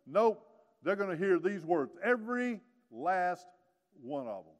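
A high-pitched man in his sixties preaches a sermon in a church sanctuary, with a long reverb trailing his words. He swings from hushed, quiet lines to loud, emphatic peaks and drops in folksy, joking asides. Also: sing-song, a little slow. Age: 60s. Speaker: pastor.

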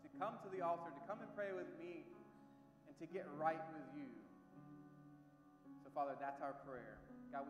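Pastor, male, somewhat high voice, fervent repetitive prayer in a reverberant sanctuary with music underneath. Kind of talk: closing prayer at a church service. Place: church sanctuary. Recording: echoey hall with music behind. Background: soft instrumental music.

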